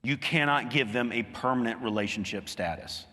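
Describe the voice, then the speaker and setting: A man preaching a sermon as a pastor, earnest, climbing higher and louder when he drives a point home. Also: normal speed, in a large hall. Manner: earnest preaching, rising emphatically on key points.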